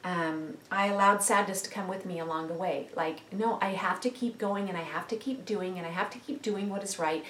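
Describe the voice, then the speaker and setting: A woman's voice: medium pitch, brisk, few pauses, fairly bright tone. Woman talking about faith, earnest and reflective, lots of ums, kinda far from the mic in an echoey room with a faint hum. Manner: earnest, reflective, many fillers and restarts. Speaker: Christian speaker sharing reflections. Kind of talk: casual faith talk.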